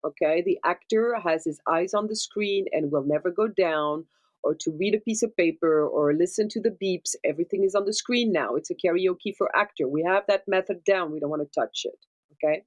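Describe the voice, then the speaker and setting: A woman, a dubbing producer, gives animated interview answers and keeps checking in with tag questions. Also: fairly low pitch, fairly quick. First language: French. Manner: animated explainer, tag questions like right and okay.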